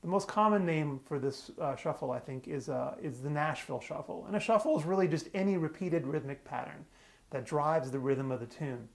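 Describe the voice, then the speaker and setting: A man's voice: fairly high pitch, a little fast, creaky. A man teaching a beginner fiddle tune step by step, explaining patiently and plainly. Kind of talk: step-by-step music lesson. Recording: fiddle music playing loudly. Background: his own fiddle playing.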